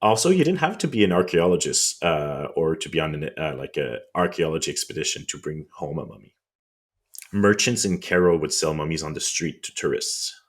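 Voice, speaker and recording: A man with a French accent and an extremely low, rumbling voice talks through history on a podcast. He explains in a loose, casual way, pausing on ums and restarting hard words. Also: very animated. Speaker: podcast co-host.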